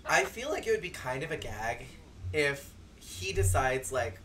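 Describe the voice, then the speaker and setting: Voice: medium pitch, big pitch swings, a little slow, a bit bright, slight background noise. A game streamer giving joking let's-play commentary, with sudden squeals and bursts of laughter. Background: faint game music.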